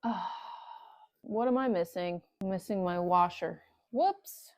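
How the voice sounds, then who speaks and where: A woman's voice: lowish voice, takes it slowly, darkish tone, no echo. A woman talking to the camera while she works on a motorcycle in a cold garage. Her hands are cold, and she mutters, curses and jokes sarcastically to herself. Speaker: motorcycle vlogger. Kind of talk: casual talk-to-camera while working.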